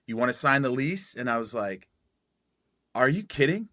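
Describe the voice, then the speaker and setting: Podcast guest, man in his forties, lively storyteller who acts out every line of dialogue, bright edge to the voice. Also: mid-range voice, moderate pace, no echo, clean studio sound. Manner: animated storyteller acting out quoted dialogue.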